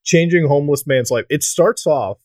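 A man's voice: a little high, normal speed, a little mellow, no echo. A man in casual podcast chat, rambling and swearing, often laughing.

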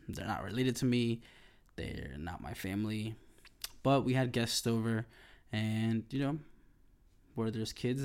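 A man hosting a podcast, talking in a loose, rambling, heated rant full of swearing. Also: on the low side. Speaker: podcast host. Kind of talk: casual monologue rant.

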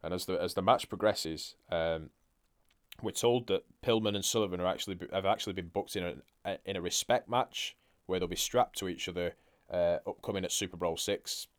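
Low-voiced bloke recapping wrestling on a podcast, laid back, swears a lot. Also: male voice, brisk. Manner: laid-back, swears casually, chuckles often. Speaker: podcast co-host. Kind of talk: casual wrestling watch-along chat.

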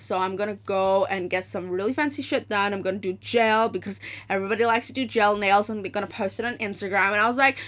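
A woman in her late teens hosting a solo podcast, telling stories in an animated, profane rant. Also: medium pitch, fast. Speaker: podcast host.

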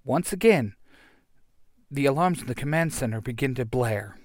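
A man narrating an action adventure story in a lively, animated reading. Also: mid-range voice, moderate pace, no echo, clean studio sound.

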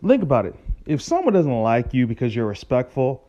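Man, caller, blunt, swearing, dark mellow voice, lo-fi line. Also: mid-range voice, huge pitch swings, brisk. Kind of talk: casual advice. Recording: dull lo-fi call line.

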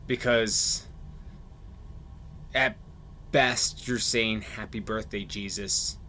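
A man's voice: lowish voice, fairly even intonation, very slow, sharp tone, a little hiss or hum. A man co-hosting a podcast in casual chat, earnest and reflective, often restarting his sentences. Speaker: podcast co-host.

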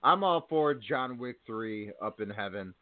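A man's voice: mid-range voice, lively intonation, measured pace, dry recording. A man co-hosting a podcast, bantering in a joking, irreverent way with some swearing. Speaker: podcast co-host. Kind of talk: casual chat. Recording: tinny phone-like dry sound.

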